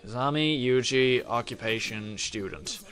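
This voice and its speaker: A man voicing an unflappable young male student, speaking in a low, flat deadpan, reading game dialogue aloud. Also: unhurried, faint music behind.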